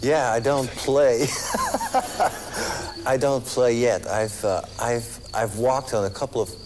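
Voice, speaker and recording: A man chatting as a talk show guest, amiable and halting, often restarting his sentences. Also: medium pitch, huge pitch swings, slight background noise. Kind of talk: casual interview chat.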